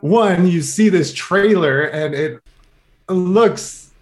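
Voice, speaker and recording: Man, reporter guest, high voice, casual animated storytelling. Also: extremely slow. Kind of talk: interview.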